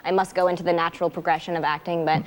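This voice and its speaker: Young woman, talk show guest, lively and giggly storyteller. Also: lowish voice, very fast. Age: young adult. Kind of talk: casual chat.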